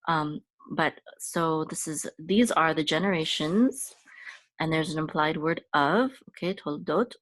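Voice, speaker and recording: A Hebrew teacher with a notably low but fairly bright voice gives a casual reading lesson, moving slowly and repeating every syllable. She uses lots of fillers and corrects herself along the way. The recording is dry, with no room sound at all.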